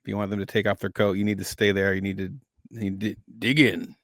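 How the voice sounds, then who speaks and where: Male co-host, lively and laughing, slightly low voice, casual commentary, dry mic. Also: fast talker, dry recording. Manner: animated, laughs easily, restarts his sentences. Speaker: podcast co-host.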